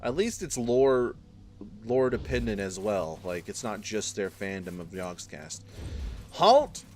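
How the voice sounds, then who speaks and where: A man's voice: on the low side, a little slow, darkish tone, faint music behind. A man commenting on a playthrough in a profane, joking way as the gaming host. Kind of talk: let's play commentary.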